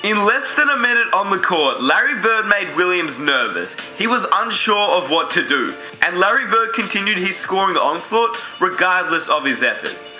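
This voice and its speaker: A man reading a scripted sports story narration with a measured, dramatic delivery. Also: high-pitched, very animated, sharp tone, faint music behind. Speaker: video narrator. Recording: roomy echo.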